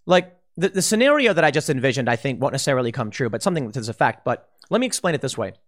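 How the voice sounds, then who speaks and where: Talking very fast and with great animation in a mid-range voice, this political commentator offers forceful opinions. He cautions his audience, speculates about what could happen, and keeps breaking off to restart.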